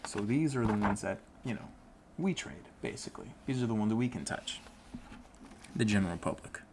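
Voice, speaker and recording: A man's voice: fairly low pitch, expressive, a little fast, darkish tone, a little hiss or hum. A man chatting casually at home while studying and gaming, rambling with self-mocking asides. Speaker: vlogger studying for an exam.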